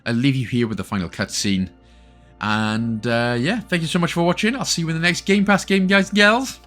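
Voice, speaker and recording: Welsh guy doing game achievement commentary, joky and rambly, soft music under. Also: fairly high pitch, fairly quick. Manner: chatty, joking, apologetic asides. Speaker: gaming channel host. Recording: faint game music behind.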